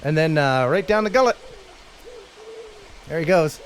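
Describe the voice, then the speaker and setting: A male host of a casual live stream who teases and laughs often. His pitch swings widely as he talks. A faint hiss of noise sits under his voice. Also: expressive, a little slow, long pauses. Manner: playful, teasing, laughs often.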